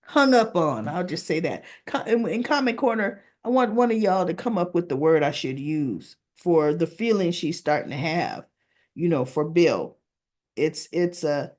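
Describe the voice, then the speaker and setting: A woman casually recapping soap opera episodes, chatty and animated, briefly mimicking characters and sometimes searching for words. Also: medium pitch. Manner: searches for words with restarts and fillers.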